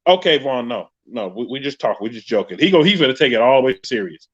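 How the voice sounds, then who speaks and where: A man with a New York accent hosting a casual live podcast, telling stories in an animated, joking way. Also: mid-range voice, quick pace, husky. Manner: animated storytelling with frequent laughs. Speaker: podcast host. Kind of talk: casual live-stream chat. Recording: muffled lo-fi live stream audio.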